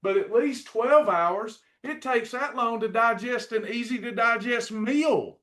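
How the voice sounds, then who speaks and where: A man's voice: extremely high pitch, measured pace, fairly bright tone. A middle-aged man teaching a faith-based weight-loss lesson, preachy and repetitive as he encourages his class. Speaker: weight-loss program coach.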